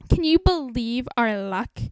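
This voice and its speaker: A woman's voice: a little high, expressive, measured pace, a little mellow, smooth, dry recording, pitched below the performer's own voice. A woman reading out the lines of a cheeky teenage schoolboy in an offhand tone.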